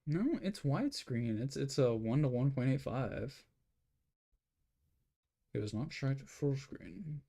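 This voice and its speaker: A man's voice: mid-range voice, very animated, slow, gravelly, long pauses, mellow. A man talking to himself in a rambling way as he draws, giving casual commentary. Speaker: artist.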